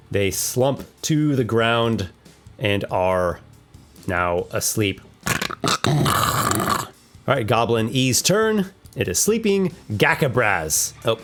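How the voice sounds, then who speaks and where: A man hosting a tabletop monster battle, narrating with enthusiasm and thinking aloud over the dice rolls. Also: on the low side. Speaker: host running a monster battle. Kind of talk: narrating a tabletop combat simulation.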